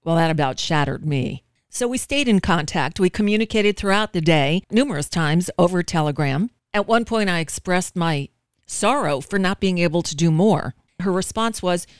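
A woman's voice: lowish voice, animated, normal speed, clear, resonant tone, no echo, studio quality. A woman radio show host earnestly recounting a personal story in an emotional telling.

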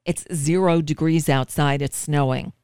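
A woman's voice: low voice, fairly even intonation, a little slow, darkish tone, clean tone, dry recording, clean studio sound. A woman radio show host earnestly recounting a personal story in an emotional telling.

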